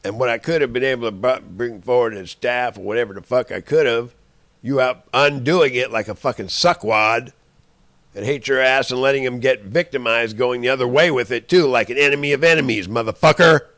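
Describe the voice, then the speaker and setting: A man's voice: mid-range voice, moderate pace, a bit bright, no room sound. A man in an angry, rambling monologue, cursing and making threats at the people he addresses.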